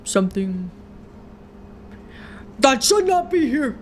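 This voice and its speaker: A woman's voice: high voice, sing-song, slow pace, a little hiss or hum, heavily acted. A woman voicing a stern, suspicious male bus conductor who gives cold, commanding orders.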